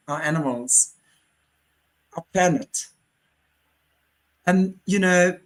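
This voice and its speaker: An interview host speaking with earnest passion at a middle pitch. The delivery is heartfelt and urgent, with frequent restarts mid-sentence. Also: poor audio. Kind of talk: casual interview chat.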